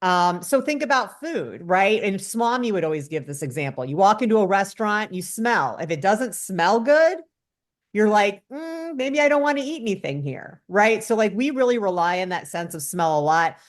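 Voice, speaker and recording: A woman's voice: medium pitch, animated, normal speed. A woman guest on a casual podcast, explaining things and quoting others with animation. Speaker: guest cannabis educator.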